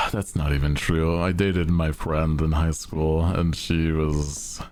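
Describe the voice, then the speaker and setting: A man's voice: rumbling low, level tone, slow, darkish tone, a little hiss or hum. A male streamer chatting casually in a laid-back, slangy way and laughing often.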